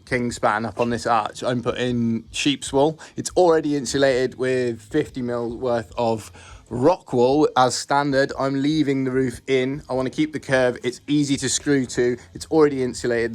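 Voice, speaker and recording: A man casually walking through the build of his converted bus, plain-spoken and self-deprecating, rambling along. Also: medium pitch. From United Kingdom. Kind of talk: casual narrated build vlog. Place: inside a bus being converted.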